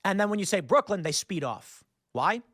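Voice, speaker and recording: A man hosting a podcast, telling a personal anecdote in a casual, animated way with frequent fillers. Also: high-pitched, moderate pace, dry recording, clean studio sound. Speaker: podcast host. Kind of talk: casual storytelling.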